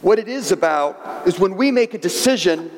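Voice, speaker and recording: Priest giving a sunday homily, high lively voice, hammers points with repeats, big echoey church. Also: male voice, normal speed, a little hiss or hum. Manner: storytelling, emphatic repetition.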